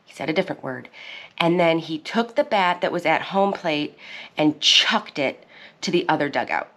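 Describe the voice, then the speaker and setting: Low-voiced chatty woman vlogger. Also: unhurried, a bit bright. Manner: rambling, chatty storytelling with restarts. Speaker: channel host. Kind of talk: casual chat.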